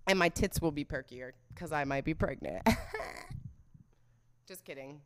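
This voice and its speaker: A woman's voice: low voice, expressive, slow pace, slight background noise. A young woman chatting casually to her viewers, blunt and crude, swearing a lot and joking about herself. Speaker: solo vlogger. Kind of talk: casual monologue.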